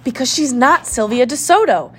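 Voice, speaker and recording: A woman voicing a determined young girl sleuth in a storybook, brisk and commanding. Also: high-pitched, expressive, breathy edge, pitched above the performer's own voice.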